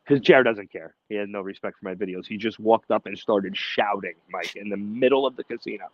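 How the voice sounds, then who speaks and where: A man co-hosting a casual podcast chat, telling animated, profane stories and acting out shouted quotes. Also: fairly low pitch, a little fast, no echo, highs cut off. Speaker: podcast co-host.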